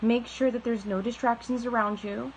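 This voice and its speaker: A woman reading a religious book aloud in a soft, slow, deliberate way, drawing out key words. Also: a little high, fairly even intonation, a little hiss or hum, rough recording. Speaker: reader of a spiritual text.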